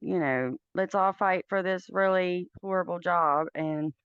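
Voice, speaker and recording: A woman hosting a podcast, chatting in a relaxed, easygoing way. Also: fairly low pitch, unhurried, smooth, no echo, lo-fi sound. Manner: relaxed, chatty, uses fillers. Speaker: podcast host. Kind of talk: casual podcast conversation.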